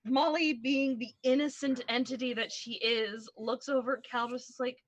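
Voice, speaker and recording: A woman's voice: a little high, steady tone, normal speed, few pauses, dry recording, lo-fi sound. A woman playing in a tabletop game, talking in a giggly, hesitant way. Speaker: player. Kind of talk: casual tabletop play.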